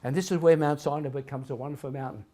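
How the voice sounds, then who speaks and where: A man's voice: medium pitch, steady tone, fast. Man preaching a storytelling sermon. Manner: storytelling, emphatic swings in loudness. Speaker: pastor. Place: church.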